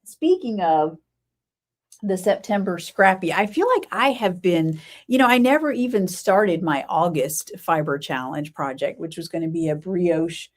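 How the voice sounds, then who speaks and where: Chatty woman host with a lowish voice. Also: lively intonation, a little slow. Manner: chatty, rambling, many fillers and self-corrections. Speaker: podcast host. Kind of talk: casual live-stream chat.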